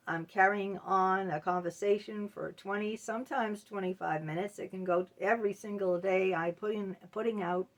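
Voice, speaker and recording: A woman's voice: mid-range voice, fairly bright tone. A middle-aged woman hosting her own channel, talking straight to camera in a candid, confessional way that often halts on fillers and restarts. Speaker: channel host. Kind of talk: confiding to-camera monologue.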